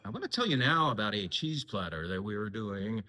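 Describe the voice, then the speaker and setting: A man's voice: lowish voice, lively intonation, a little fast, pushed and bright, long reverb tail. A man hosting a casual talk to camera from a wine shop, chatty, with many fillers and self-corrections.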